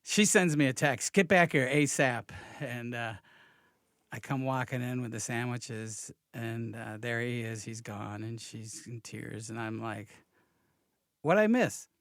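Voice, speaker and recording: Halting, soft-spoken male comedian guest. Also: medium pitch, fairly even intonation, no room sound, studio quality. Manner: halting, many restarts, quiet and reflective. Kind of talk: podcast conversation.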